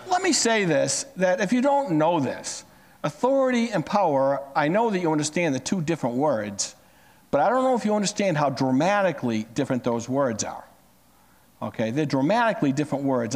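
A man preaching a sermon as pastor, telling stories with big swings in his voice. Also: long reverb tail. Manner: animated storytelling with big pitch swings.

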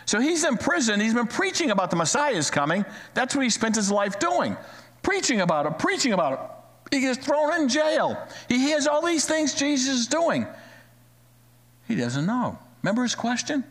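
A male pastor delivering a sermon in an animated way, repeating key phrases for emphasis. His voice sits high and swings widely in pitch. It rings out with a long reverb in a large sanctuary. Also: normal speed. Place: church sanctuary, live-streamed.

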